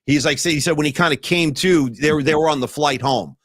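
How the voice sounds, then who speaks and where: A man hosting a podcast, telling stories in an animated, emphatic way over casual chat. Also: on the high side, fairly quick, no room sound, studio quality. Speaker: podcast host.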